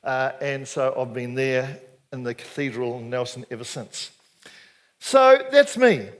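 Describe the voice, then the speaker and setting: A man's voice: mid-range voice, measured pace. An older man with a New Zealand accent gives a chatty, jokey storytelling sermon to a men's gathering as an Anglican minister. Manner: lively, jokey, chatty, asks the crowd questions.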